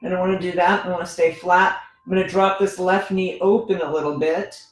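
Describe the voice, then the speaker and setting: A woman leads a gentle yoga practice, talking through each pose in an easy, conversational manner and often checking in with her listeners. Her voice bounces around a very reverberant room while soft music plays faintly underneath. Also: lowish voice, fairly even intonation, a little fast. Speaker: yoga teacher. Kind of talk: guided yoga instruction.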